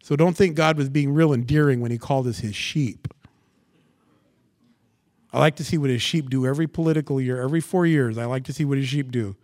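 A man preaching a sermon, asking the congregation rhetorical questions and swinging from quiet asides to loud, dramatic scripture reading. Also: mid-range voice, a little fast, no room sound, studio quality. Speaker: pastor.

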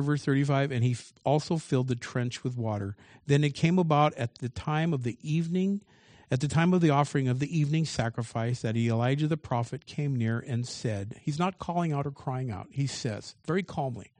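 Dark-voiced male pastor preaching. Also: mid-range voice, brisk, dry recording. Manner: reads scripture aloud, then comments with shifting emphasis. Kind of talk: sermon.

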